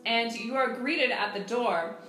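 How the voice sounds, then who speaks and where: A woman's voice: on the high side, unhurried, bright, forceful tone. A young woman narrating as game master, casual, giggly and improvising. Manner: giggly, self-deprecating, improvising. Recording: echoey room with music behind.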